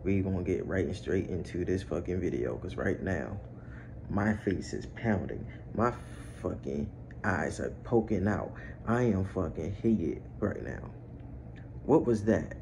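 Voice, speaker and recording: A fired-up young man rants to his viewers about a painful loss, swearing freely. His pitch swings widely, from low grumbling to high, near-yelled outrage. A faint hum of room ambience sits behind him. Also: lively intonation, moderate pace. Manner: heated, swearing, pitch jumps to near-yelling when outraged. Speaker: YouTube sports vlogger. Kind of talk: angry fan rant.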